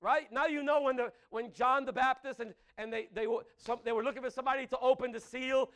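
A man preaching a sermon, animated and laughing between phrases, often asking the congregation "Amen?". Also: extremely high pitch, fairly quick, clear, resonant tone. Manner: breaks into laughter mid-sentence.

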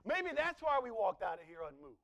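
A male pastor preaching a sermon, animated, swinging between loud exclamations and hushed asides. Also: sits high, fairly quick, vocal fry.

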